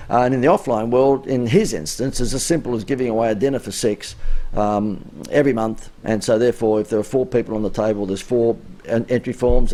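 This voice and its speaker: A man's voice: medium pitch, gravelly, dark tone. A middle-aged Australian man, a business coach on a live stream, tells anecdotes and keeps asking cheeky rhetorical questions.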